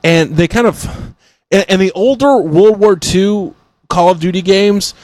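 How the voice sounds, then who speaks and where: A man's voice: high voice, measured pace, darkish tone, no room sound. A man co-hosting a podcast in casual chat, a rambling, chatty storyteller. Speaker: podcast co-host.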